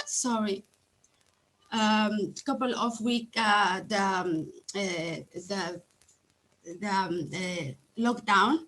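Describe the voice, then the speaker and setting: A woman whose first language is Somali, speaking halting English on a video call, often searching for words and apologizing, audibly emotional. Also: mid-range voice, fairly even intonation, fairly bright tone, a little hiss or hum, low-quality recording. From Somalia or Italy. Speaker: adult English learner. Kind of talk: online conference testimony.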